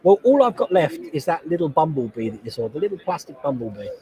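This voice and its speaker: A man in his forties hosts a livestream from a convention hall. He rambles through a friendly, casual chat and reads out viewers' comments. His voice sits a little high with a soft, mellow tone, heard through a headset mic. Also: very animated, quick pace. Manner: rambling and chatty, reading chat comments aloud. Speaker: host. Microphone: noise-cancelling headset.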